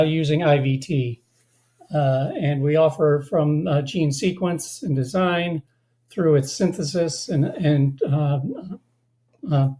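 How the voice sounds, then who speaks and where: Webinar presenter, mellow tone, a bit hoarse, halting delivery full of fillers. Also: medium pitch. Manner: halting, many filler sounds and restarts. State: slightly hoarse, losing voice. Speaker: company presenter.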